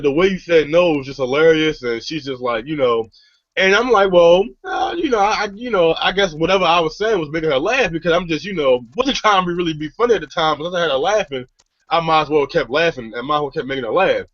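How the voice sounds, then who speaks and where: A young man spins a profane, rambling story in casual chat, his voice bright and lively, rising and falling a lot. He keeps restarting his sentences. The sound is dry and a bit dull. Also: a little high, dry recording. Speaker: podcast host telling a story.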